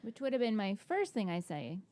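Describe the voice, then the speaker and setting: A woman's voice: medium pitch, big pitch swings, dark tone, dry recording, studio quality. A woman co-hosting a podcast, chiming in with short reactions and questions. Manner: short reactions and quick agreements. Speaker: podcast co-host. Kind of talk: casual chat.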